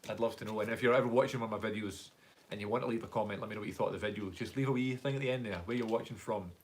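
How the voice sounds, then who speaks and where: A man's voice: on the low side, racing, slight background noise. A young Scottish man hosting a casual live-stream Q&A from his phone, chatting at length and reading out viewer comments. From Scotland. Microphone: phone front camera.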